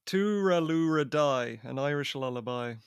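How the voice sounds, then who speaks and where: Deadpan podcast co-host man. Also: fairly high pitch, measured pace, clean tone, no echo. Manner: dry, deadpan quips. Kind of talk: casual podcast chat.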